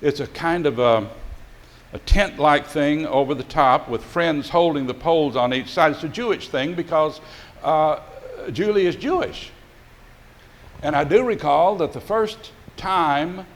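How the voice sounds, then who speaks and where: An older male pastor telling a folksy, rambling story in a sermon, with many fillers and restarts. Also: fairly high pitch.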